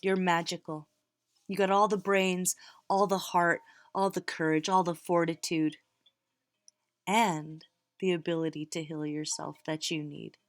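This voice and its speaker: A woman's voice: fairly low pitch, steady tone, measured pace, no echo, studio quality. A middle-aged woman reading tarot cards, talking casually and encouragingly straight to her viewers. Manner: warm encouraging pep talk, direct address. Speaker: tarot reader.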